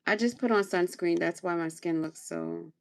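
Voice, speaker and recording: A woman's voice: fairly low pitch, normal speed, gravelly, a little mellow. A woman hosting a casual livestream, chatting through her skincare routine in a coaching tone and repeating phrases for emphasis. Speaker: livestream host.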